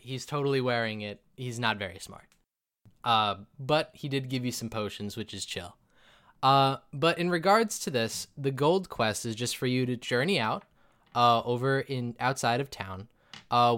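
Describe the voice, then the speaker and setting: Un uomo che fa un mutaforma beffardo. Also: male voice, medium pitch, a bit bright, lightly acted. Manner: flippant, offhand and teasing. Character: smug male changeling guild quest-giver.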